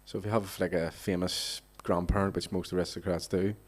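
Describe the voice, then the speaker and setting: A man's voice: deep voice, flat delivery, a little fast. A male poet chatting on a theatre stage, joking and hesitant, often restarting. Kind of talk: casual chat at a literary reading.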